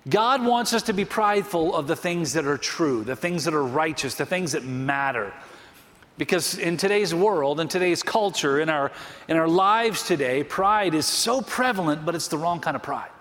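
A man preaching a sermon, telling a story and stressing key phrases slowly. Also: on the high side, lively intonation, fairly bright tone, long reverb tail. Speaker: pastor.

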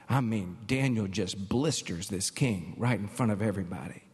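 A man preaching a sermon with emphatic, animated delivery and storytelling asides. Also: fairly low pitch, moderate pace, hardly any pauses, big-room sound. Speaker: pastor.

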